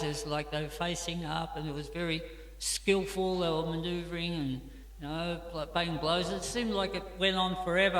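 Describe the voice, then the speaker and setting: A man's voice: sits high, fairly bright tone. A man with an Australian accent giving a scripture class in a temple, telling stories in a chatty way with many fillers. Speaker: class speaker. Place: temple hall. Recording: echoey temple hall.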